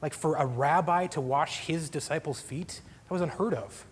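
A man explains scripture in an earnest, casual manner. His voice is husky and a little high for a man. The recording trails off into a long reverb. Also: normal speed. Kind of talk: faith talk, Bible teaching.

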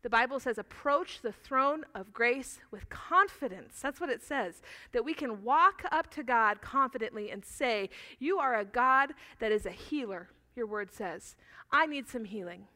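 A woman pastor preaching a sermon, earnest and animated, telling stories and asking the congregation questions. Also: fairly high pitch, unhurried.

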